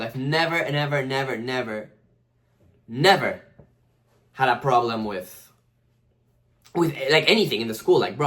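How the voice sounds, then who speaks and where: A man's voice: medium pitch, fairly bright tone. A man in his twenties telling a casual storytime, rambling, swearing and full of slang and fillers. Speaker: vlogger.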